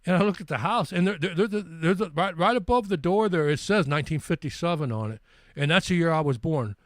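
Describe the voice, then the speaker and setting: A man's voice: on the high side, animated, brisk, no echo, clean studio sound. A man in his sixties telling a travel story on his live stream, rambling and stumbling over repeated words. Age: 60s. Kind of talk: casual storytelling.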